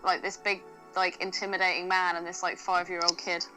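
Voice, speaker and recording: A woman's voice: fairly low pitch, flat delivery, brisk, sharp tone, faint music behind, low-quality recording. A woman co-hosting a casual podcast chat, laughing often and using slang. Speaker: podcast co-host.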